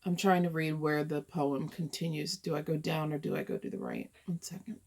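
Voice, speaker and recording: In this casual show-and-tell, a woman rambles and thinks aloud while presenting her cross-stitch work. She speaks fairly quickly in a low, darkish voice with a steady tone.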